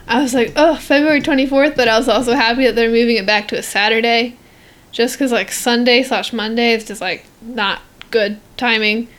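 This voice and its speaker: A woman's voice: a little high, a bit bright. Give me a teenage girl co-hosting a podcast, rambling and giggling between fillers. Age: teens. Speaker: podcast co-host. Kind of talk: casual chat.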